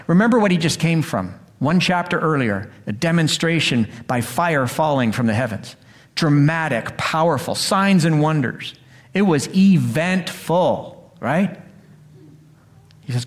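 A middle-aged man preaching a sermon in a church, acting out the quoted voices and swinging between loud lines and hushed ones. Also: on the high side, lively intonation, unhurried. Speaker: pastor. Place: church sanctuary.

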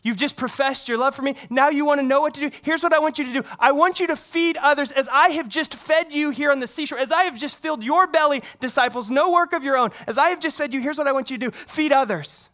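High-ish voiced preacher guy, lively sermon, talks back and forth with the room. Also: quick pace, few pauses. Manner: animated preaching, acts out dialogue, asks the congregation questions. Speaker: pastor.

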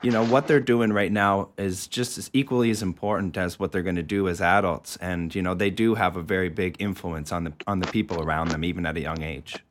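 A man's voice: sits low, fairly even intonation, a little fast, hardly any pauses. A man who teaches school, hosting a podcast interview in a casual, encouraging way and asking questions.

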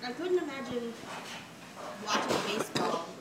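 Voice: medium pitch, sing-song, normal speed, very noisy. A host running a casual interview with short prompting questions, sharing a few stories of their own.

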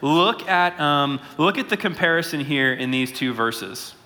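Slow, bright-voiced man preaching. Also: fairly high pitch, expressive, in a large hall. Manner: conversational, often asks "right?". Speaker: pastor. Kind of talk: sermon.

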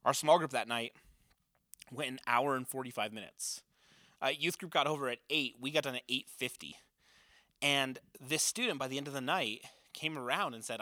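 Earnest youth pastor man, bright voice. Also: mid-range voice, a little fast, dry recording, studio quality. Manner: earnest, conversational, many filler uhs. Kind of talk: volunteer leader training talk.

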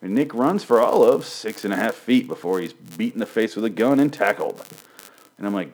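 A man's voice: fairly low pitch, animated, moderate pace, darkish tone, low-quality recording. A man giving a rambling, sarcastic recap of a TV episode, swearing a lot and acting out the characters' lines. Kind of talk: casual profane recap.

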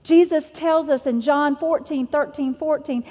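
A woman's voice: high-pitched, steady tone, measured pace, few pauses, mellow, long reverb tail. A woman preacher delivering a sermon with an emphatic, repetitive cadence.

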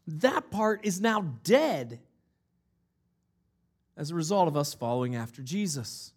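Male pastor, higher-pitched voice, emphatic sermon delivery with rhetorical questions. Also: very animated, unhurried, pauses often, husky. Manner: emphatic, rhetorical questions, repeats key lines.

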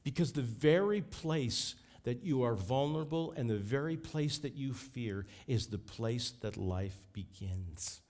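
A man's voice: medium pitch, lively intonation, measured pace, few pauses, a little mellow. A man preaching a sermon as pastor, fervent and emphatic.

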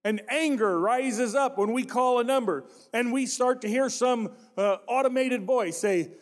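A male pastor delivering a sermon, emphatic and direct, repeating his main points and asking the congregation rhetorical questions. His voice sits high for a man, and a long reverb trails each phrase through the church. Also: unhurried, few pauses. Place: church sanctuary.

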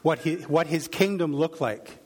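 A man's voice: on the high side, a little slow, darkish tone. Man preaching through a scripture passage. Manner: reflective, with fillers and restarts. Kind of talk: sermon reading and teaching from scripture.

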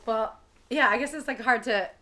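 A woman's voice: on the high side, moderate pace, bright, forceful tone. A woman from New Jersey, a dancer, chatting as a podcast guest and telling stories with easy laughter. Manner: easygoing, storytelling, laughing. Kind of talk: casual chat.

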